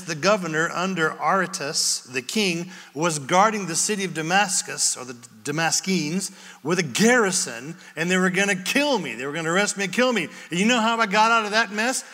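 A man preaching a sermon in a bright, high voice that rings out through a hall with a long reverb. He keeps it conversational and slips in wry humor. He sounds like a pastor talking to his congregation.

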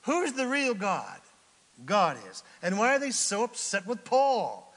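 A man preaching a sermon as pastor, folksy and animated, with sudden loud bursts. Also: high voice, a little slow, long reverb tail.

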